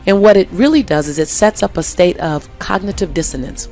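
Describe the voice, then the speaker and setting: A woman's voice: mid-range voice, a little fast, warm tone, faint music behind. A woman guest in a conversational interview, speaking emphatically and repeating key phrases for effect.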